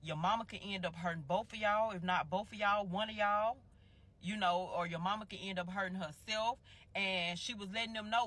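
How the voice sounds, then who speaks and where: A woman's voice: mid-range voice, sharp tone. A woman telling a rambling, profane story in a casual way, often correcting herself.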